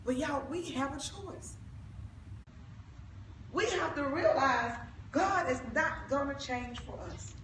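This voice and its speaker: A woman evangelist, exhorting the young people of her church, fervent and at times shouting. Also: sits high, takes it slowly, pauses often, slight background noise. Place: church sanctuary. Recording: echoey church, mic from a distance.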